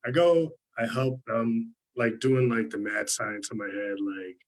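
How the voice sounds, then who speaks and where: A man's voice: medium pitch, fairly even intonation, a little slow, hardly any pauses, rough recording. A man doing a stand-up set over a video call, rambling with lots of "like" and "um". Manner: rambling, filler-heavy, lots of "like" and "um". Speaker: stand-up comedian.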